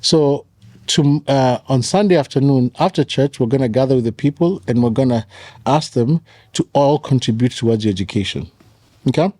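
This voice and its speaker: A man's voice: medium pitch, moderate pace, warm tone, dry recording. A man, a pastor and author telling stories as a podcast guest and repeating key phrases for emphasis. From Kenya. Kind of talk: conversational storytelling.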